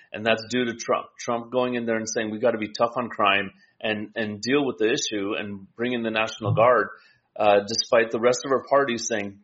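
A man's voice: medium pitch, a bit bright, lo-fi sound. A man co-hosting a political talk show, explaining his views steadily and often ending with a tag question. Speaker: co-host.

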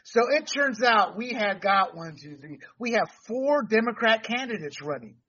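A man's voice: sits high, very animated, normal speed, sharp tone, slightly rough, highs cut off. A man hosting a casual talk show, rambling off topic and laughing often. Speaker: podcast host. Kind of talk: casual chat.

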